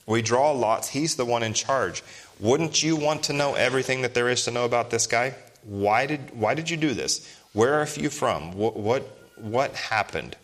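A man's voice: mid-range voice, fairly bright tone. A man in his thirties preaching a sermon, stressing his points and posing rhetorical questions to the congregation. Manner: emphatic, asks rhetorical questions. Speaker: pastor.

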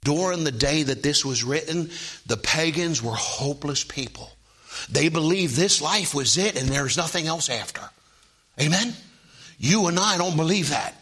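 A man preaching a sermon, often asking the congregation "Amen?" and swinging from hushed tones to loud rising calls. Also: a little high, animated, moderate pace, slightly rough. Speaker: pastor.

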